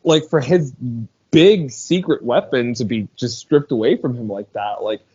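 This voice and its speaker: A man's voice: mid-range voice, lively intonation, moderate pace, a little mellow, husky. A man co-hosting a podcast in casual chat, talking animatedly, swearing often and acting out movie scenes with laughter. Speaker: podcast co-host. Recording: slightly dull audio with faint noise.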